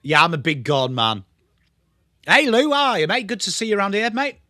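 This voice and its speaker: A young man hosts a live football watchalong, chatting with viewers by name and swearing freely as he calls the play. His voice sits a little high for a man and has a bright, forceful edge. The sound is close and dry, with almost no room around it. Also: very animated, brisk, no room sound. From England. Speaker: watchalong host. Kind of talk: casual live football commentary and chat.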